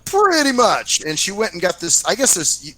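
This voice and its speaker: A man hosting a casual talk show, telling a story in a profane, lively way and acting out what others said. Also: high-pitched, normal speed, dry recording, rough recording. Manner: profane, animated anecdote-telling, acts out quoted voices. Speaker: podcast host.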